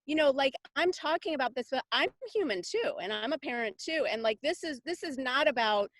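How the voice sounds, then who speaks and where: A middle-aged woman talks about parenting in a loose, chatty way, circling back with fillers and restarts. Her voice sits a little high. The sound is close and dry, with no room around it. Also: expressive, brisk, fairly bright tone, no room sound. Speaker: parenting coach, summit guest. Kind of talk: casual conversational interview.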